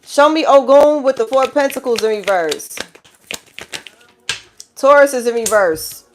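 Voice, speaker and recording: A woman with a New York accent giving a live tarot reading, lively and slangy, swinging between loud exclamations and low hushed stretches. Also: measured pace, a little hiss or hum. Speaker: tarot reader.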